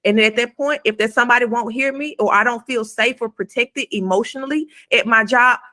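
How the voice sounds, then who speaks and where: A podcast co-host with a slightly high, sharp voice gives blunt, emphatic advice in casual conversation, talking briskly and swearing freely.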